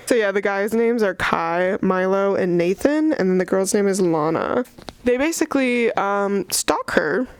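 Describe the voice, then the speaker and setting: A woman's voice: mid-range voice, expressive, unhurried, clear, resonant tone, no room sound. A young woman giving casual, sarcastic book commentary, chatty and full of fillers. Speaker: book reviewer.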